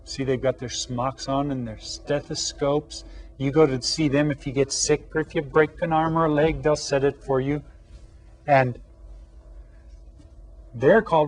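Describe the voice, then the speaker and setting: A man teaching children an elementary Spanish lesson, patient and questioning, drawing out each new word slowly and asking the class to repeat. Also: on the high side, breathy edge. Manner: asks questions and pauses for answers.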